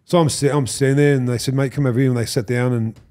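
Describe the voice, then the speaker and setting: Fast-talking in a mid-range voice, an Australian ex-rugby league footballer in his fifties spins stories as a guest on a podcast. It's a casual storytelling chat where he voices the people he quotes, curses, and laughs along.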